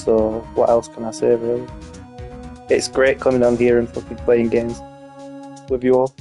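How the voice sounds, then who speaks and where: A young man chats loosely while playing a game, full of "like" and "you know" and liberal swearing. His voice sits at an everyday male pitch, and his commentary is rambling and offhand. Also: monotone, moderate pace, dark tone, faint music behind. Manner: rambling, swears freely, many fillers. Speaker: streamer. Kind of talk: casual gaming commentary.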